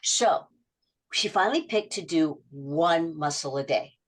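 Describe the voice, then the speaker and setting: A middle-aged woman habit coach in a podcast interview, telling client stories and acting out their quotes in lively voice shifts. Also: deep voice, measured pace.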